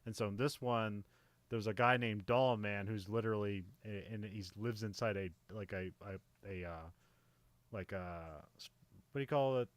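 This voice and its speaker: A man's voice: fairly low pitch, normal speed, no echo. A man co-hosting a casual movie podcast, rambling and laughing often, with lots of fillers. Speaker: podcast co-host.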